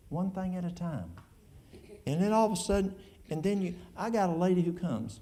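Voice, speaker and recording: A man's voice: high voice, normal speed, warm tone. A man with an East Tennessee Appalachian accent, a church elder answering audience questions in a folksy, plain-spoken way. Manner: folksy, plain-spoken, drawling with colloquial speech.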